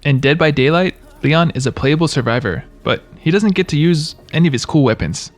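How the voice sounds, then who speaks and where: A man's voice: on the high side, animated, brisk. A man giving scripted video-game trivia narration, with wry, joking asides.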